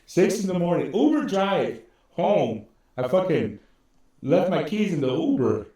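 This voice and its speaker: A man's voice: sits high, big pitch swings, measured pace, dark tone. A man, co-hosting a podcast and telling rambling, profane stories. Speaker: podcast co-host. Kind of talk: casual chat. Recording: echoey room, distant mic.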